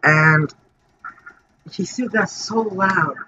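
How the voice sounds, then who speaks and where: A man's voice: high voice, extremely slow. A man telling a story for his vlog in a casual, rambling way, full of fillers and restarts. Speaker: vlogger. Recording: dull lo-fi audio with faint noise.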